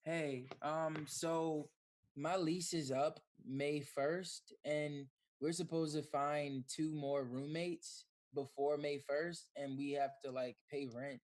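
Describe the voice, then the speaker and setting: A man's voice: on the high side, fairly even intonation, slow pace, a little mellow. A man asking a hesitant question on a video call, with "like" fillers.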